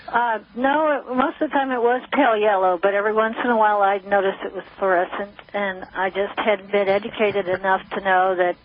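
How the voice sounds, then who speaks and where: A woman's voice: mid-range voice, fairly even intonation, a little fast, few pauses. A woman calling in to a radio show, chatty and thankful. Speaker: caller. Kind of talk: phone-in conversation. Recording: radio phone-in, dull sound.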